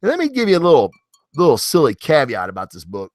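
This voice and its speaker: A married man reviewing comic books in a casual, profane monologue, acting out characters in quick asides. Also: fairly high pitch, no room sound, studio quality. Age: adult, married. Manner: animated, swears freely, acts out characters in quick asides.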